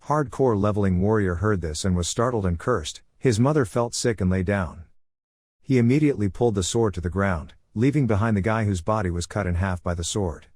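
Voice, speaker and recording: Low-voiced male recap narrator. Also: a little fast, a little mellow, dry recording, studio quality.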